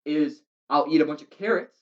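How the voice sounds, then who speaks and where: A man's voice: on the high side, brisk, noisy background. A young man from the US Midwest, co-hosting a podcast in casual comedic chat, joking and crude. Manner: joking, crude, laid-back. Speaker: podcast co-host. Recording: dull lo-fi sound.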